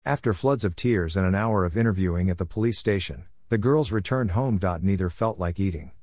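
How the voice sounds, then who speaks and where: Low-voiced man reading a story. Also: no echo, clean studio sound. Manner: measured, even storytelling. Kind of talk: scripted story narration.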